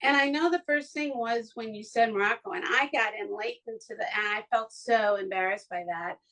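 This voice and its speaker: Poor audio carries her fairly bright, higher-side voice at a moderate pace. She's a woman hosting a podcast from home, chatting in a casual, gushing, emotional manner and frequently starting sentences over.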